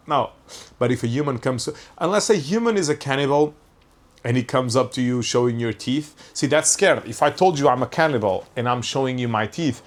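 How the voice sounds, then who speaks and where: A man from Portugal hosting a casual comedic podcast monologue, rambling and interrupting himself, with casual swearing. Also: medium pitch. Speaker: podcast host.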